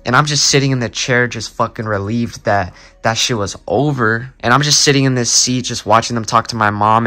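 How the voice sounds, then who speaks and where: Young guy, casual storytime vlogger, mid-pitched voice, swears constantly and talks straight to his viewers. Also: fairly bright tone. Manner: profane, rambling, addresses viewers as boys.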